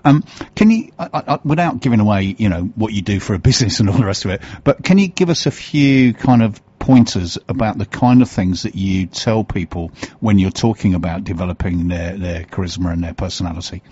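A man's voice: lowish voice, brisk, few pauses, a little mellow, slightly rough, dry recording. A man from the UK, hosting an interview and asking questions thoughtfully, with frequent hesitations and fillers. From United Kingdom. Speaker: interview host. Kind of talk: conversational interview. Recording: dull, dry lo-fi recording.

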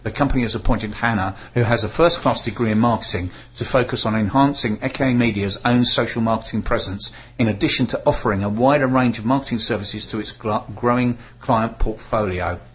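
A man hosts a local radio show, reading notices aloud with plenty of fillers and stumbles. His voice is husky and sits at an ordinary pitch. The sound is a little muffled. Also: a little fast, hardly any pauses. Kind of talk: casual radio chat, reading announcements.

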